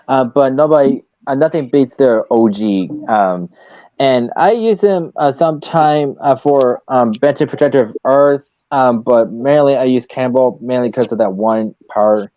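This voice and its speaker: A man's voice: medium pitch, normal speed, no room sound. Guy hosting a fan chat, lots of ums, dull dry mic. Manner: relaxed, hesitant with many fillers. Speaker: stream host. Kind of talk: casual fan discussion.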